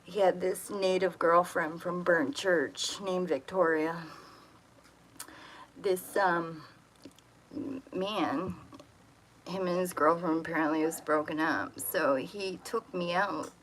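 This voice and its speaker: A woman with a lowish voice from Atlantic Canada tells a personal story in a casual, rambling way. She is blunt and swears freely as she talks. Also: steady tone, slow pace, a little hiss or hum, poor audio.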